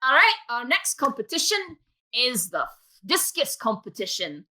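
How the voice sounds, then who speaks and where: A woman's voice: on the high side, very animated, sharp tone. A young woman narrating a tabletop game as game master, laughing often as she goes. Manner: giggly, quick to laugh while narrating.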